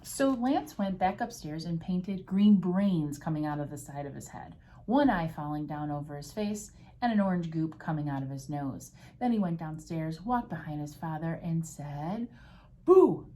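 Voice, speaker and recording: Brief: woman reading a picture book aloud to students, low mellow voice, faint noise behind. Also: lively intonation, normal speed, hardly any pauses.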